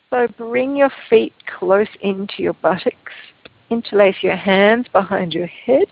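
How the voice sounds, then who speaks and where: A woman teaching a Feldenkrais movement lesson over a video call, giving calm, gentle, unhurried instructions. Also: medium pitch, creaky, no echo. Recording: tinny, phone-like call audio, dry.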